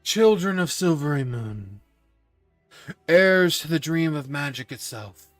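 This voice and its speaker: A man's voice: fairly high pitch, lively intonation, slow, a bit bright, no echo, faint music behind. A man voicing a solemn male orator who declaims to a crowd of mages.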